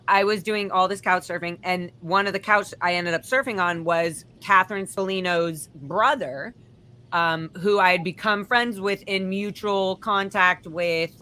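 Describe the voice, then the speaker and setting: A woman's voice: lowish voice, pushed and bright. A woman telling a long, rambling, profane story as a guest on a casual live chat.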